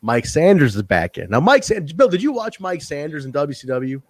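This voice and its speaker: A male podcast host with a voice on the high side sounds very animated, talking a little fast without any echo. He's enthusiastically chatting about old wrestling shows in a casual review, often restarting.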